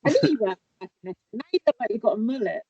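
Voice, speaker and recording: A podcast co-host recaps a reality show in casual chat, giggling, swearing, and staying animated throughout. Her voice is a little high and rapid-fire with a breathy edge and no echo. She's on a remote call mic, and the recording is dull, dry, and lo-fi.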